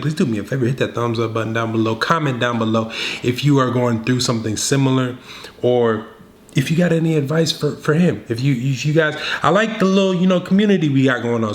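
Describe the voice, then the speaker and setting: A man making a dating advice video, talking straight to the viewer in a slangy, scolding, animated way. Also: medium pitch, roomy sound. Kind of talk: direct-to-camera coaching.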